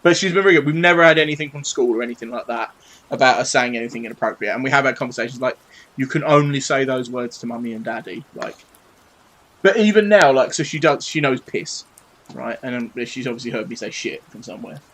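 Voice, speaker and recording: On a live stream from his home desk, a British livestreamer in his thirties paints models, swearing playfully and chatting with cheek. His voice is medium in pitch and fairly bright, and he talks quickly. The audio is poor.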